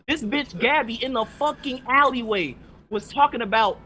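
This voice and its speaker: A man's voice: very high-pitched, normal speed, pushed and bright, a little hiss or hum, low-quality recording. A man co-hosting a podcast, ranting heatedly and sarcastically about an anime episode, swearing constantly. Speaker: podcast co-host. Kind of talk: profane ranting anime recap.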